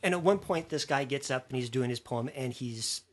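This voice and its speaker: A man casually telling an animated anecdote from his student days, with a slightly husky voice. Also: medium pitch, fairly quick. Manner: animated storyteller, acts out quoted lines. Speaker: former student telling a story.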